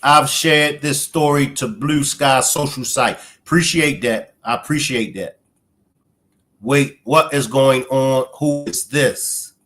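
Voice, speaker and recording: A man's voice: mid-range voice, slow, a bit bright. Emotional man commenting on a live stream. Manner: emotional, reacting to clips and chat.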